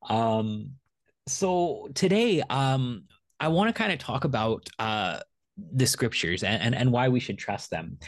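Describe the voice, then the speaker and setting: A man, a pastor hosting a podcast, talking in a halting, joking way with many restarts. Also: medium pitch, lively intonation, no room sound, clean studio sound. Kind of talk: casual podcast chat.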